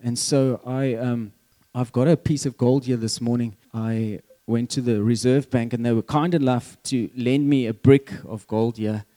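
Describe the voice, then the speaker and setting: A man's voice: mid-range voice, fairly even intonation, moderate pace, mellow. A man with a South African accent preaching a conversational sermon, quizzing the congregation as he goes.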